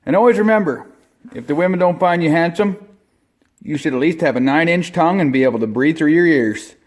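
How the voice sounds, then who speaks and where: This Canadian comedy host, set in a shop or garage, runs through a swear-laden parody instructional with a straight face. He talks briskly in a slightly high, expressive voice.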